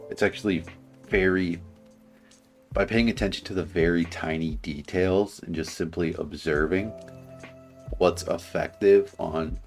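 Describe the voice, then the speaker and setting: A man with a slight lisp giving casual dating advice in a reaction commentary, earnest and rambling with frequent restarts. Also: very deep voice.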